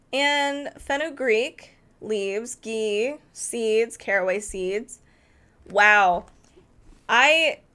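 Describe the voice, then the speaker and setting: Chatty, excited woman reviewing a cookbook. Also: on the high side. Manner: enthusiastic, thinking aloud, self-correcting. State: arm tired from holding a heavy book. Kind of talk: casual cookbook preview, flipping pages.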